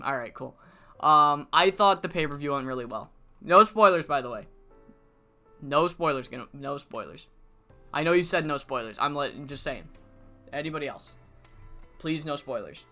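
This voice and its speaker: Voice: mid-range voice, sharp tone. A streamer booking matches in a wrestling management game, rambling to himself and chat and swearing freely. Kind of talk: casual live-stream commentary.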